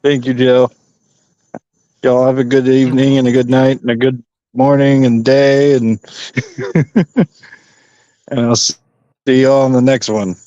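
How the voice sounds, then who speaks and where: Mellow-voiced man on lo-fi call audio. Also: medium pitch, flat delivery, measured pace, pauses often, no room sound. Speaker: podcast co-host guest. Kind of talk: casual sign-off chat.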